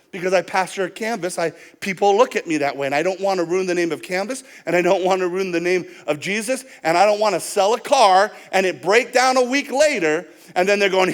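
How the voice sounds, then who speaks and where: A high-voiced male pastor preaches a sermon, telling personal stories and playing both sides of each conversation he recounts.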